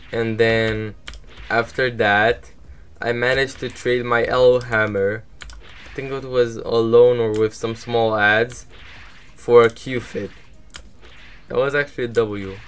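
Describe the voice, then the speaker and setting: Young male streamer, relaxed and mumbly game commentary, average pitch, light background hiss. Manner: laid-back and low-key, flares up loud and angry at opponents. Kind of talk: casual livestream gameplay commentary.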